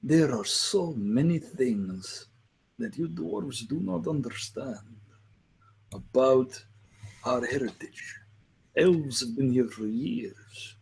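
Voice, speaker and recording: A man voicing a proud, scornful male elf at a tabletop game, speaking low, hushed and menacing. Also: slightly rough, exaggerated voice, rough recording.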